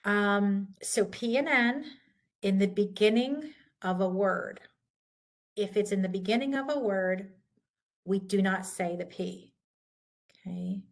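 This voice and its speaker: A woman instructor giving a recorded lecture, patiently walking through pronunciation rules. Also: mid-range voice. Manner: patient, slow and deliberate, contrasting correct and wrong pronunciations.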